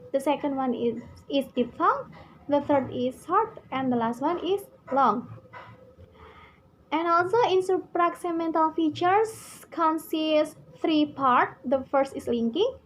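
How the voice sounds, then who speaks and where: A woman's voice: high-pitched, slight background noise. A young woman with an Indonesian accent, carefully explaining slides in a class presentation. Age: young adult. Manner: slow and careful, with repeated list phrases. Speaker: student presenter.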